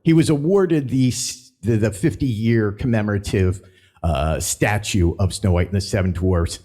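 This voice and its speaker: A man's voice: fairly low pitch, normal speed, warm tone. A man hosting a casual theme park news vlog, chatty and rambling, stumbling as he reads announcements aloud.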